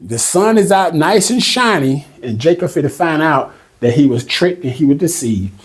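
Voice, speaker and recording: Male Bible teacher, slightly high voice, casual and emphatic, slow over the verses. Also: lively intonation, breathy edge. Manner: emphatic and conversational, reads scripture slowly. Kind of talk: casual Bible study commentary.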